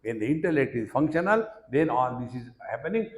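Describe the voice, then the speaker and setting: A man's voice: medium pitch, big pitch swings, fairly quick, echoey room. A man with an Indian English accent giving a spiritual discourse, telling stories that act out dialogue and chanting Sanskrit verses. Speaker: spiritual teacher. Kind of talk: discourse on scripture.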